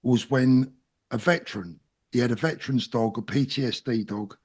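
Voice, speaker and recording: A man's voice: mid-range voice, moderate pace, darkish tone, slightly rough. A middle-aged man with a South London accent, a guest talking in an interview in an earnest, plain-spoken and emphatic way. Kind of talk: casual interview talk.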